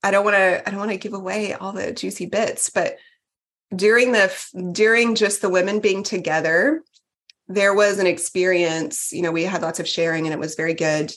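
A woman's voice: medium pitch, steady tone, moderate pace, a bit bright. A woman in her forties, a podcast guest sharing her retreat experience in a candid, chatty way with lots of fillers and restarts. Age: 40s. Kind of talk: casual podcast chat.

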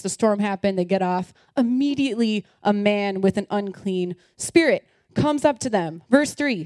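A young woman preaching a sermon, reading scripture aloud and speaking directly to her listeners in a lively, animated way. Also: mid-range voice, no room sound, clean studio sound.

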